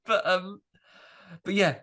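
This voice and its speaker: A man hosting a podcast, chatting casually about a film in a rambling, animated way with many fillers. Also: sits high, slow pace. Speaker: podcast host. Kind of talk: casual film review chat.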